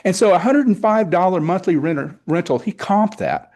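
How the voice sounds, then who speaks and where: A man's voice: high-pitched, lively intonation, moderate pace, a little mellow. A middle-aged man giving an enthusiastic, rambling report at a public meeting, often retelling conversations. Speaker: car show organizer presenting to town board.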